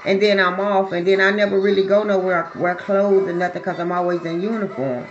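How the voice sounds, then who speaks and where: A woman's voice: mid-range voice, fairly even intonation, brisk, dull audio. A woman who talks bluntly and swears freely, chatting casually to her viewers before she does a psychic reading. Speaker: psychic reader.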